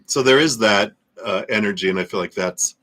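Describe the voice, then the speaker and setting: A man's voice: on the low side, expressive, measured pace, creaky, fairly bright tone, husky. A man giving a live tarot reading in a loose, rambling way, full of fillers and small laughs. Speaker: tarot reader.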